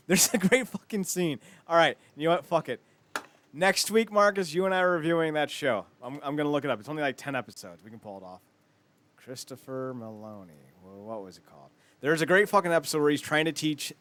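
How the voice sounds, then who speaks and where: A man's voice: mid-range voice, dry recording. A man co-hosting a podcast in casual chat, telling stories with lots of swearing and laughter. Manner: profane, animated storytelling with laughter. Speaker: podcast co-host.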